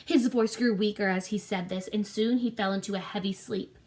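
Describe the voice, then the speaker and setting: A woman narrating a classic adventure story in a clear, measured reading voice. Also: medium pitch, fairly even intonation, a little mellow.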